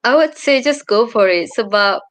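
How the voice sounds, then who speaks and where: A young Malaysian woman, a university student, chatting casually as an interview guest over a video call, often pausing to search for words. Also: a little high, expressive, a bit bright, no room sound. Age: young adult. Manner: hesitant, searching for words with many fillers. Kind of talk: casual chat.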